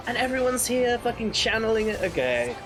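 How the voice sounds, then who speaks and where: A young man streaming a game, chatting casually with viewers, excitable and swearing freely. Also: mid-range voice, normal speed. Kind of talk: casual live-stream chat while gaming. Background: game music.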